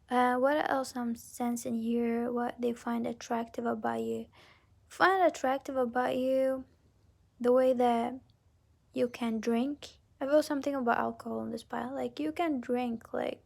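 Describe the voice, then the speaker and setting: A woman reads cards in a casual, halting way, full of restarts, often sinking into a whisper mid-thought. Her voice sits fairly high with a steady, flat melody and a gravelly, fry-laden texture. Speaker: tarot card reader. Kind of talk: casual pick-a-card reading.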